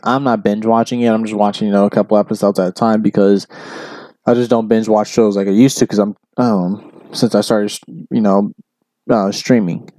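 A man hosts a casual commentary show, retelling a story in a loose, rambling way, packed with filler words. He jumps into raised voices to act out the people he quotes. His voice is mellow and warm, and the recording is dry and close. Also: fairly low pitch, no room sound. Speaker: podcast host.

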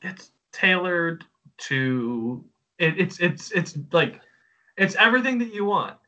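A man's voice: high voice, big pitch swings, takes it slowly, pushed and bright. A man co-hosting a casual game review podcast, enthusiastic and stumbling over restarts. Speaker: podcast co-host.

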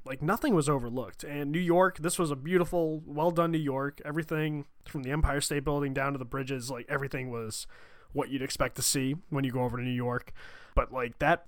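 A man's voice: mid-range voice, a bit bright, no echo. A man co-hosting a casual chat about video games, enthusiastic and earnest, with plenty of fillers. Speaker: podcast co-host. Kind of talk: casual game discussion.

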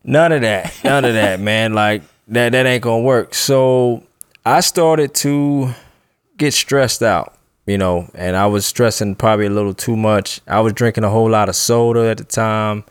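A man's voice: lowish voice, moderate pace, clear, resonant tone, no room sound, clean studio sound. A young man telling a personal story in a loose, slangy, casual way, often breaking into laughter.

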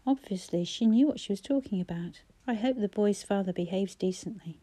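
A gruff older father, as a woman reads him, speaks with the weight of grief and regret. His voice is dark and mellow. Every word sounds heavy. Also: medium pitch, a little fast, natural voice. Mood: reflective.

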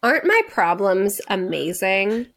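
A woman's voice: medium pitch, animated, unhurried, a bit bright. A young woman co-hosting a podcast, telling a story in a casual chat and laughing often. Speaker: podcast co-host. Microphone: video call.

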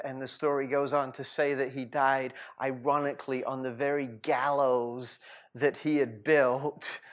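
A man preaching a sermon as a lively storyteller, with frequent laughs and rhetorical asides. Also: mid-range voice. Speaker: pastor.

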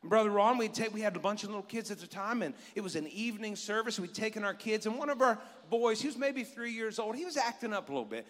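A middle-aged man preaching a sermon as pastor, animated and joking with his congregation. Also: sits high, fast talker, hardly any pauses. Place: church sanctuary. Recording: long reverb of a church hall.

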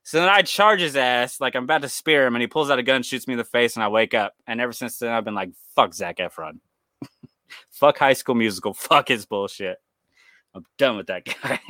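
Swearing, bright-voiced male podcast host. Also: mid-range voice, a little fast, no room sound. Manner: rambling storyteller, swears a lot, acts out quoted voices. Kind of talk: casual chat.

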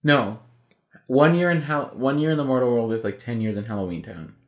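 A woman's voice: extremely low pitch, brisk, echoey room. A woman in a casual movie chat, cracking profane jokes. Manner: profane, wisecracking. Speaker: podcast co-host.

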